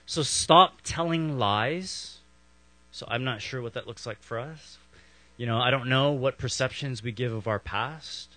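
A man's voice: mid-range voice, fairly bright tone, dry recording. A man in his thirties, a pastor, preaching a sermon in a conversational way, with rhetorical questions and playful acted asides.

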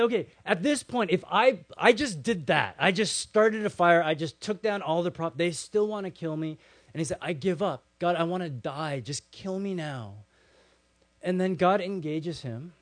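A man preaching a sermon, telling stories with lively acted-out quotes and dropping to a soft hush on key lines. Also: mid-range voice, dry recording. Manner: animated storytelling, acts out quotes, drops to soft hushed lines. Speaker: pastor.

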